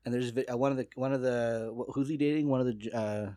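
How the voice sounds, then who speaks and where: A man's voice: mid-range voice, fast, mellow. A man hosting a casual podcast, talking in a loose, rambling way with lots of swearing, recorded in a studio. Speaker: podcast host.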